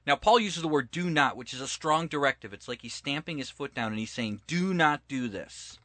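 A man's voice: medium pitch, animated, fairly quick, bright, forceful tone, no room sound. A man teaching from the Bible in conversation, emphatic and preacher-like, retelling scripture stories and acting out the quotes.

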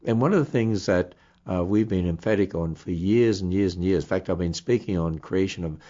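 Older australian man, very low voice, emphatic interview guest, slightly muffled audio. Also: fairly quick, dark tone. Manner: emphatic, earnest explaining.

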